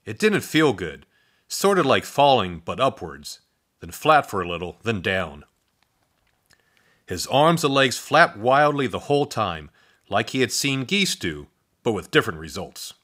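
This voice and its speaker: A man narrating a children's storybook in an expressive, playful read-aloud style with spoken sound effects. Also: on the low side, unhurried.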